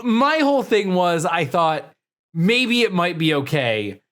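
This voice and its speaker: A man's voice: fairly high pitch, fairly bright tone. A man co-hosting a comedy podcast, bantering casually, joking and swearing, often trailing off with fillers. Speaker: podcast co-host.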